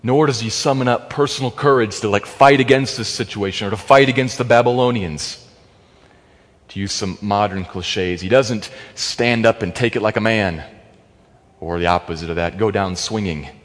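A man's voice: lowish voice, moderate pace. Emphatic male preacher in a reverberant hall. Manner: emphatic, swings between loud stresses and hushed drops. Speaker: pastor. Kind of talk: sermon.

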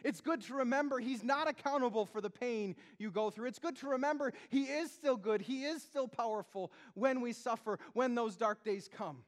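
A man preaching a sermon as pastor, in a chatty, conversational way full of asides and questions to the congregation, swinging between loud emphasis and hushed tones. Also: very high-pitched, moderate pace, few pauses. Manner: conversational, peppered with "like" and "right?".

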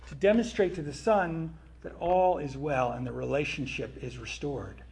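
A man's voice: on the high side, moderate pace, creaky, few pauses, darkish tone. A man preaching a sermon in a conversational way, with frequent asides to his listeners.

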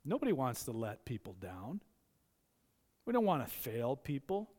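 A man's voice: medium pitch, wildly swooping pitch, moderate pace, mellow. A man preaching a sermon as a pastor, impassioned, often acting out the voices he quotes. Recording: long hall reverb.

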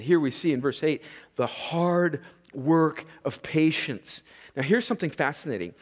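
A man's voice: on the high side, unhurried. A pastor from Southern California preaching an earnest, conversational sermon that often turns to his listeners as friends. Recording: long reverb of a large hall.

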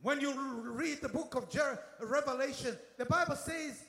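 A man preaching a fervent sermon with a British accent, often shouting and calling for the congregation's response. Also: very high voice, moderate pace, gravelly, few pauses. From Britain. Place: church. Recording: echoey church hall.

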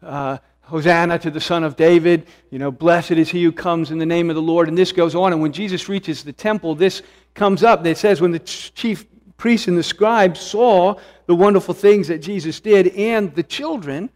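Earnest preacher in a reverberant hall. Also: male voice, high-pitched, moderate pace, darkish tone. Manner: earnest, searching, with restarts and rising emphasis. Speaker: pastor. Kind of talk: expository sermon.

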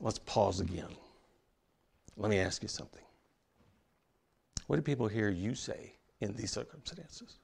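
A man's voice: on the low side, lively intonation, unhurried, gravelly, long pauses, a little mellow, slightly rough. A man preaching a sermon as a pastor, emphatic and conversational, with asides to the congregation in church.

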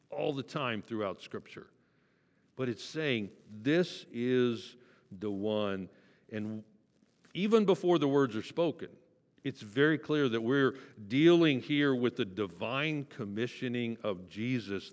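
A male pastor giving a sermon, teaching conversationally and asking the listeners rhetorical questions. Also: medium pitch. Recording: long reverb of a large hall.

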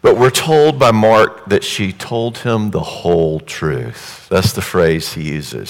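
A male preacher with a deep, low voice tells his sermon as a vivid, conversational story. He speaks slowly and animatedly, with hardly any pauses. Long hall reverb trails his words through a large church.

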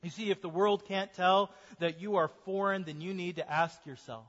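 A man's voice: sits high, steady tone, moderate pace, hardly any pauses, fairly bright tone. An American man, a pastor, preaching an earnest sermon to his congregation in a church. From United States. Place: church sanctuary. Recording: dull sound with long hall reverb.

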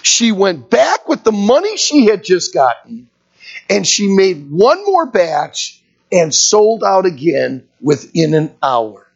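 Husky animated pastor preaching. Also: mid-range voice, slow pace. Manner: animated storytelling preacher, rhetorical questions to the congregation. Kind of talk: sermon. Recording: dull lo-fi recording.

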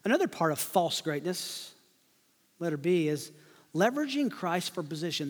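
A man preaching an expository sermon as pastor, swinging between loud rhetorical questions and hushed asides. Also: high-pitched, sing-song, measured pace, in a large hall.

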